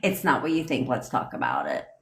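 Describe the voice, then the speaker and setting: A manifestation coach chats casually on a livestream, reading out comments amid heavy swearing, rambling asides and frequent laughter. She has a bass voice with huge pitch swings and speaks fairly quickly. The sound is reverberant.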